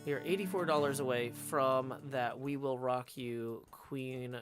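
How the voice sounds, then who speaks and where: Guy rambling on his stream, lots of uh and um, ordinary pitch, guitar music loud in the back. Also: steady tone, unhurried. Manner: rambling, full of fillers and restarts. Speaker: streamer host. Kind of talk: casual chat.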